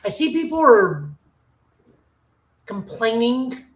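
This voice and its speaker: A woman's voice: on the high side, big pitch swings, takes it slowly. A woman co-hosting a casual podcast chat, giving an opinionated, nitpicky review. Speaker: podcast co-host. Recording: roomy echoing recording.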